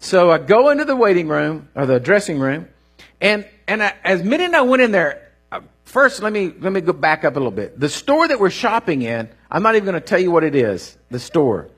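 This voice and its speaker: This is a middle-aged man preaching a sermon. His voice sits high and sounds husky. He tells folksy stories with lively swings of pitch and sudden rising bursts. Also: a little fast, faint music behind. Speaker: pastor.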